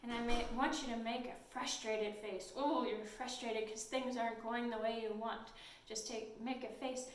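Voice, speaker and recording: A woman leading a storytime lesson for toddlers in a gentle, sing-song, encouraging way, recorded in a library room. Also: a little high, fairly even intonation, normal speed, hardly any pauses, a little hiss or hum. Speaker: children's librarian. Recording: echoey room, mic at a distance.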